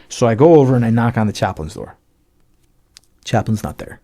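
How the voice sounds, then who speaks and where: A man's voice: lowish voice, expressive, fairly quick, pauses often, mellow. A man, a podcast guest, telling a personal testimony in an emotional storytelling way, full of fillers and acted-out bits of dialogue. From United States.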